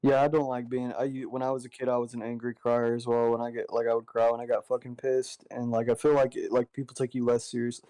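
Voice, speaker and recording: Laid-back young man, mellow dry voice. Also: medium pitch, little pitch movement, quick pace, few pauses, no echo, low-quality recording. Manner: laid-back storyteller, swears a lot. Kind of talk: casual chat.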